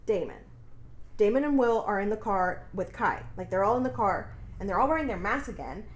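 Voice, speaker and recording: A woman's voice: mid-range voice, lively intonation, fairly quick, roomy sound. A woman co-hosting a podcast, casually retelling a story in a rambling way, with lots of fillers and swearing. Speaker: podcast co-host. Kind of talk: casual chat retelling a book plot.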